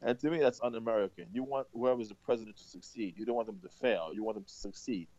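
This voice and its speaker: Low-voiced halting male guest. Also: darkish tone, no room sound. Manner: halting, many fillers. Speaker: guest commentator. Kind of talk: conversational commentary. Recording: dull lo-fi line.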